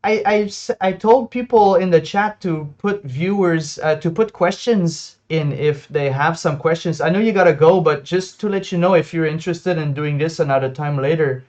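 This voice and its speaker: A man's voice: fairly high pitch, moderate pace, few pauses, darkish tone, highs cut off. Chatty man streaming from a webcam. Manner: chatty, self-conscious, laughs often. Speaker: host, game master. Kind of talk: casual chat on a livestream.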